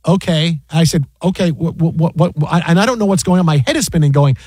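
Man host, casual storytelling; quick, exasperated, fairly high voice, dry sound. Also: slightly rough, no echo. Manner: animated, exasperated retelling with many restarts.

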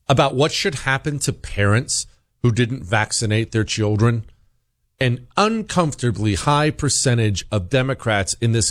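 A man's voice: lowish voice, no room sound, studio quality. A man hosting a talk radio show, delivering an emphatic opinion monologue full of rhetorical questions.

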